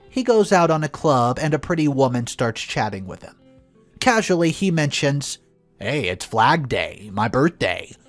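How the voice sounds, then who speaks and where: A synthetic-sounding male narrator reads short reader stories straight from a script. His voice sits a little high for a man and swoops up and down a great deal. Faint music plays underneath.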